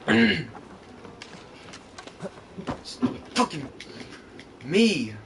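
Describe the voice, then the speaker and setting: A man's voice: fairly high pitch, sing-song, extremely slow, vocal fry, noisy background. A man hosting a gaming channel, commenting on his gameplay while he mutters, swears and grumbles.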